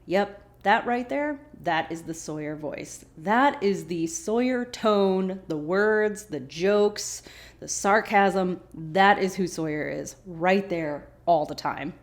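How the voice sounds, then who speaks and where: A woman's voice: lowish voice, lively intonation, takes it slowly. A woman hosting a podcast who chattily recaps a TV episode and acts out the characters' lines. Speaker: podcast host.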